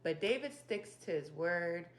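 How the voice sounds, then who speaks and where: Woman, fairly low voice, casual bible study host, slangy retelling, animated asides. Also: unhurried, background noise. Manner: animated, opinionated asides to the listener; conversational slang, retelling scripture in her own words. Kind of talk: casual Bible chapter breakdown.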